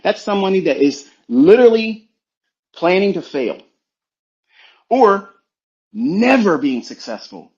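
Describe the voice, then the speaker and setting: A trading mentor, a man, delivers a forceful, preachy motivational rant laced with profanity and rhetorical questions. His voice sits a little high for a man. The recording sounds dull and lo-fi. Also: big pitch swings, measured pace, long pauses.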